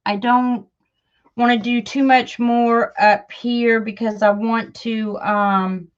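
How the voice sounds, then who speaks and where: Woman crafting host, unhurried, rambly, muffled lo-fi sound. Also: fairly high pitch, steady tone. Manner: chatty, self-deprecating, many fillers. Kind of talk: casual livestream chat while crafting.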